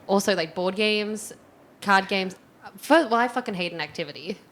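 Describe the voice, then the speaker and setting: A woman co-hosting a casual podcast, reacting with quick, blunt quips and questions. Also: medium pitch, fairly bright tone. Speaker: podcast co-host. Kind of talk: casual chat.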